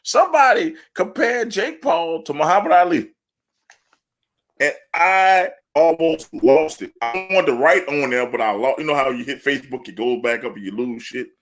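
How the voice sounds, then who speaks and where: Soft music plays behind a man whose voice is on the high side and whose speed is normal. Co-hosting a sports podcast, he tells boastful, casual stories with plenty of laughter and swearing.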